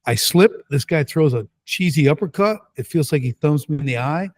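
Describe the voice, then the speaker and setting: A middle-aged man, a podcast guest, telling his story in a casual, lively and emphatic way. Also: a little high, normal speed. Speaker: guest entrepreneur.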